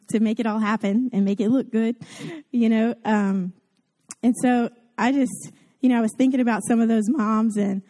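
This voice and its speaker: Southern woman, warm-hearted church talk, somewhat high voice, self-deprecating, chatty delivery. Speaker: guest preacher at a church service. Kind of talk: casual Mother's Day sermon.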